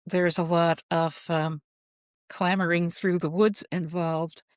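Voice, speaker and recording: A woman, a guest author, telling heartfelt stories in a rambling, halting way with frequent restarts. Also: lowish voice, level tone, no echo. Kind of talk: casual interview storytelling. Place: at home.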